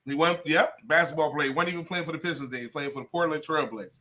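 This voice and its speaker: A middle-aged comedian from Detroit telling a story in a casual interview, laughing often and cursing freely. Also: male voice, a little high, racing, sharp tone. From Detroit, USA. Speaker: comedian guest.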